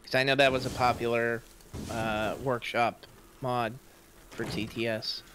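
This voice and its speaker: A man's voice: mid-range voice, level tone, unhurried. A man chatting casually and teasingly with friends during a game stream. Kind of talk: casual gaming chat. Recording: faint background hiss.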